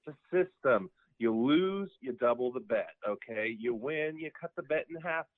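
A man's voice: medium pitch, lively intonation, moderate pace, no echo. Cocky man on a tinny phone line. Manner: cocky, brash, bro-talk. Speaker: caller.

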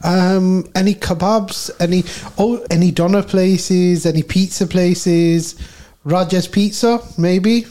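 Sweary high-voiced man ranting. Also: slow. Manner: loud, sweary, animated ranting. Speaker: podcast host. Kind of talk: casual podcast banter.

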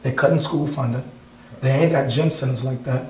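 A man from Wisconsin speaks bluntly and heatedly, swearing freely as he talks. His voice sits at an ordinary middle pitch. The room around him rings with echo, and a faint hum of ambience runs underneath. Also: a little fast, darkish tone. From Wisconsin, USA. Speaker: artist guest. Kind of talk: casual interview. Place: art gallery.

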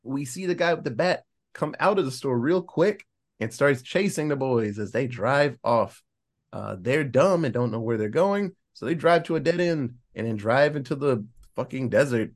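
A man's voice: mid-range voice, normal speed. A man casually recapping a movie plot on a podcast, acting out the characters' lines as he goes. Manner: animated storyteller, acts out characters' lines. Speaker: podcast host.

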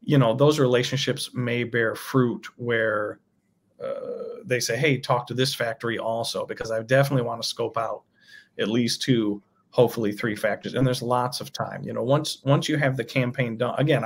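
A man's voice: mid-range voice, steady tone, normal speed, vocal fry. A man talking casually about his own toy project as a guest, thinking aloud with loose restarts. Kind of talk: casual interview chat.

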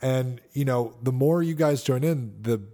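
A man's voice: mid-range voice, unhurried, dark tone. A man co-hosting a podcast in casual chat, laid-back and swearing freely. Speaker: podcast co-host.

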